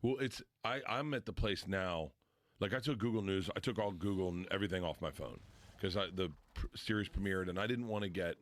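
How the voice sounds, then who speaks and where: A middle-aged man, a guest on a podcast, telling stories in an animated, self-deprecating way, with heavy swearing and acted-out voices. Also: sits low, a little fast, dry recording. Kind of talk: casual storytelling.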